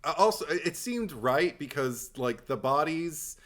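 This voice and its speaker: Bright-voiced, animated podcast host. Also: male voice, fairly high pitch. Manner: animated, laughs often, halting restarts. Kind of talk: casual chat.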